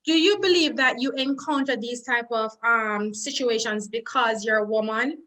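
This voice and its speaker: A woman's voice: on the high side, moderate pace, a bit bright. A woman hosting a casual interview, encouraging her guest with short replies. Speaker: host.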